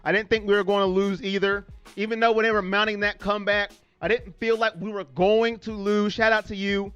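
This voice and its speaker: High-voiced man hosting a fan live stream. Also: a little fast, clear, resonant tone, dry recording, dull audio, soft background music. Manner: animated, talks straight to viewers and reads chat messages aloud. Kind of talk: live stream commentary reading chat.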